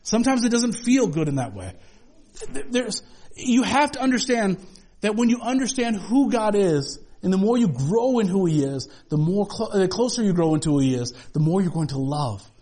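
A man's voice: sits high, expressive, moderate pace, dark tone. A male pastor preaching a sermon to a congregation in a conversational way, with humorous asides. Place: church with a congregation.

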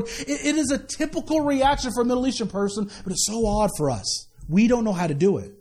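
A man with a strikingly high voice delivers a sermon at a church service. He talks to the congregation in a casual, lively way, stumbling into restarts and tossing off quick asides. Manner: conversational and animated, with many restarts and quick asides. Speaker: pastor.

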